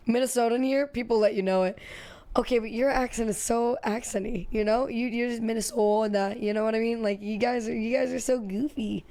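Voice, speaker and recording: A woman's voice: fairly high pitch, dark tone. A tipsy young woman, chatting as a streamer in a giggly, rambling way full of "like". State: drunk. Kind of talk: casual chat.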